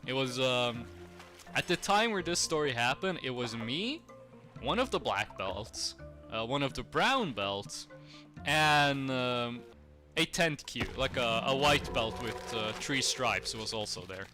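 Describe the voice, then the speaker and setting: A young man streamer telling a rambling, animated story to his chat, laughing often. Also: medium pitch, slow pace, soft background music. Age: young adult.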